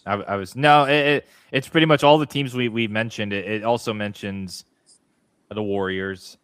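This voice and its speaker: A man co-hosting a casual sports chat, speaking quietly and haltingly and trailing off. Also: lowish voice, clear, resonant tone, no echo, studio quality.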